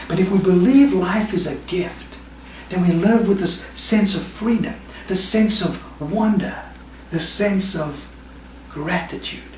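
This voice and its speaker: Male pastor, emphatic sermon delivery, fairly high voice, distant mic in a roomy hall. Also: a little mellow, a little hiss or hum. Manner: emphatic preaching, quick bursts and slow stressed phrases. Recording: echoey room, mic at a distance.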